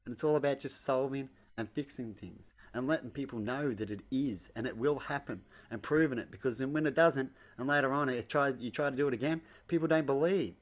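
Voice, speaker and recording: A man's voice: mid-range voice, a little fast, few pauses. A man talking loosely at home, repeating himself and tagging lines with "right?". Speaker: vlogger. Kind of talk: rambling casual monologue. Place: at home indoors.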